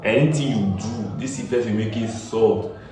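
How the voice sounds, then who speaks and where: In this casual music-recording tutorial, a Nigerian man talks at moderate speed in a low, dark-toned voice. Chatty, he repeats himself and tosses in Pidgin phrases like "get me?". The small room echoes and he sits well away from the microphone.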